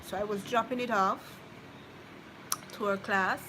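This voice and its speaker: A woman's voice: mid-range voice, fairly even intonation, measured pace, very noisy. A woman, chatting casually with live-stream viewers. She rambles, repeats herself, and speaks from the heart. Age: 30s. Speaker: vlogger reading live chat.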